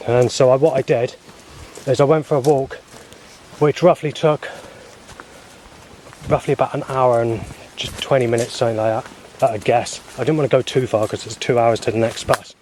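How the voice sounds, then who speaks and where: A man's voice: medium pitch, fairly even intonation, moderate pace, long pauses, darkish tone, a little hiss or hum. A man talking straight to camera in a rambling, repetitive way, hesitating and circling back over his points. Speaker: vlogger. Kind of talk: rambling personal monologue.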